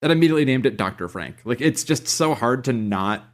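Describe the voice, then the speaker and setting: A man banters on a podcast, jokey and loose with his swearing. His pitch swings widely as he talks. He speaks at an ordinary middle pitch for a man. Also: expressive, brisk. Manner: joking, swears freely. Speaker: podcast co-host. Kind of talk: casual chat.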